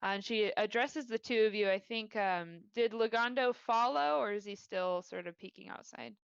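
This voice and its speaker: A woman running a tabletop game, narrating the scene and calling for rolls. Her voice is smooth and clear but a bit muffled, recorded dry and close with no room sound. She pauses often with fillers while she works things out. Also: on the high side, dry recording. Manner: loose, thinking aloud with many fillers. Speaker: dungeon master.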